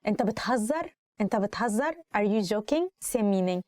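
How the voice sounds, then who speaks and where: A woman with an Egyptian accent gives a spoken Arabic lesson at a brisk pace. She repeats every phrase and then translates it into English. Her voice sits at a middle pitch and sounds dry and close. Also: animated, darkish tone, no room sound. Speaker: Arabic teacher. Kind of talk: language lesson.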